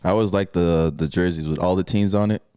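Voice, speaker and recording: A man's voice: deep voice, steady tone, quick pace, darkish tone, smooth, dry recording. A young man co-hosting a podcast, asking teasing questions and laughing often. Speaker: podcast co-host. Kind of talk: casual chat.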